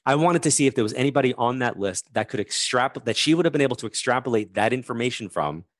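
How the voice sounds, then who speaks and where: A man's voice: medium pitch, expressive, fast talker, no room sound, studio quality. A man in his fifties, a guest telling a story in conversation and acting out the voices of the people in it.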